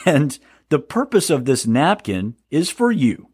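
A man's voice: on the high side, very animated, a little slow, darkish tone, slightly rough, no echo, studio quality. Sarcastic rambling male podcast host. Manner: sarcastic, rambling, stammers and laughs. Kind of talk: solo podcast monologue.

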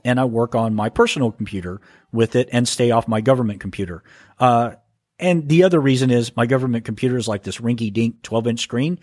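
A man's voice: medium pitch, no room sound. Guy doing a chatty podcast at home, reads mail, keeps tripping over words, dry close sound. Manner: halting, stumbles and restarts when reading aloud. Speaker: podcast host. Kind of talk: casual podcast monologue, reading listener mail.

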